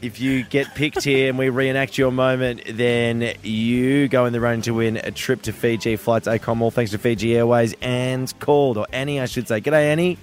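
A man's voice: mid-range voice, fairly even intonation, normal speed, few pauses. A man in his thirties with an Australian accent, hosting a radio show in casual, chatty banter. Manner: chatty, laughing, upbeat. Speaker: radio host.

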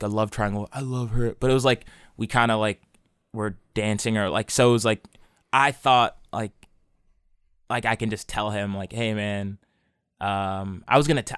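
A young man with a low voice tells a long story in loose, rambling, casual chat, laughing as he goes. His voice is smooth, clear, and fairly bright. The recording is dry and close, with no room sound or echo.

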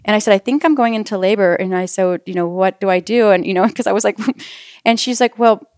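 Fast-talking woman telling a story. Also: mid-range voice, darkish tone, no room sound, clean studio sound. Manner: storytelling, acting out quoted dialogue. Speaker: guest sharing a birth story. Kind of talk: casual chat.

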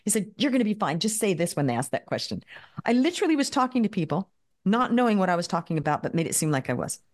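Fast-talking woman telling stories. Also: mid-range voice, big pitch swings. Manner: chatty, rapid anecdotes with many "like" and "you know" fillers. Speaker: podcast guest. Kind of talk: casual storytelling interview.

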